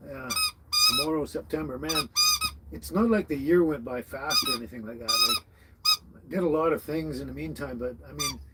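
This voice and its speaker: A man's voice: on the high side, huge pitch swings, moderate pace, heavy background noise. Chatty man greeting viewers. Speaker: livestream host. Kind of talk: casual live chat greeting viewers. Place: tiny house on wheels.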